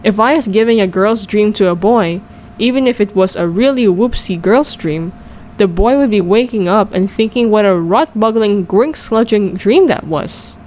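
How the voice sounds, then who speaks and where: A woman's voice: mid-range voice, lively intonation, moderate pace, a little mellow, slight background noise, natural voice. A woman voicing a big friendly male giant who talks in jumbled made-up words and broken grammar. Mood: playful.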